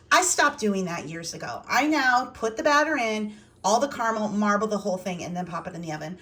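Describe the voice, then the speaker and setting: A woman's voice: mid-range voice, fairly bright tone. A woman vlogging casually from her home kitchen, rambling and thinking aloud as she talks. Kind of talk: casual home vlog chat.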